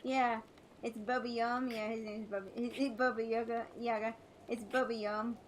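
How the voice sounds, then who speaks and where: Woman streamer rambling while she games, kinda high voice, lots of um and uh. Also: flat delivery, normal speed, slight background noise, rough recording. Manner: rambling, many fillers and restarts. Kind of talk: casual chat while gaming.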